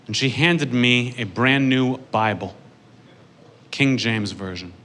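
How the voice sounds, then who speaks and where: A young adult man tells a long stand-up story in a deadpan, dry way. His voice is bright and sits at an ordinary pitch. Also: takes it slowly. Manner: deadpan, dry delivery building to punchlines. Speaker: stand-up comedian.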